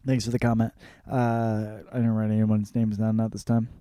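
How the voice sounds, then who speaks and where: A man's voice: fairly low pitch, monotone, normal speed, hardly any pauses, mellow, clear, resonant tone, dry recording, clean studio sound. A man in his thirties hosting a podcast, talking through listener comments in a loose, profane, rambling way and laughing at his own jokes. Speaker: podcast host. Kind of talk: casual comedic monologue.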